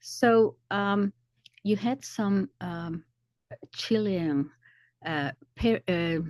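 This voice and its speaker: A woman commentator explaining events slowly, often pausing to search for words. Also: mid-range voice, a little mellow, no room sound. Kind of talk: commentary video.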